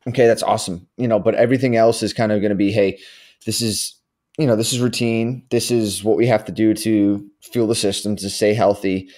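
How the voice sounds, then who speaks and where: A man's voice: fairly low pitch, steady tone, a little mellow. Rambling man in casual podcast chat. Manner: rambling, filler-heavy, quick asides. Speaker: podcast co-host.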